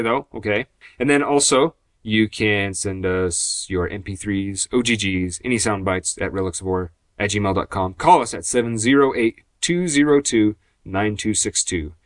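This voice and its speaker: A man's voice: fairly low pitch, no room sound. A man hosting a podcast in casual chat, rambling and joking in a sarcastic way. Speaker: podcast host; graphic designer.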